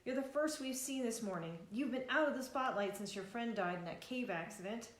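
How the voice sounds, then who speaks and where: A woman voicing an eager, pushy female news reporter who talks in an excited rush. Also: a little high, roomy sound, natural voice. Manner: excited and rushed.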